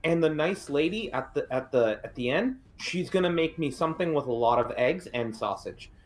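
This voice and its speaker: A man's voice: on the high side, expressive, moderate pace. A man playing a tabletop game, speaking playfully in character as a simple-minded giant. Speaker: player. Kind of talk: tabletop game role-play.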